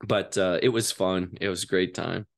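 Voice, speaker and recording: Animated male guest telling stories. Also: sits low, normal speed, gravelly. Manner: animated, acts out voices in his stories. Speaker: actor and guest. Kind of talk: casual storytelling.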